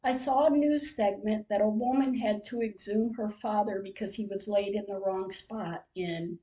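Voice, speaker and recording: An older woman hosting a podcast, reading out a personal diary-style account in a slow, measured way, with emotional moments. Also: mid-range voice, dark tone, low-quality recording. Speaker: podcast host.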